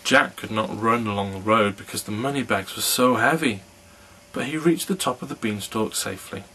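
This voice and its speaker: A man reading a fairy tale aloud as a storyteller, in an unhurried read-aloud manner. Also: lowish voice, pushed and bright, slight background noise, rough recording.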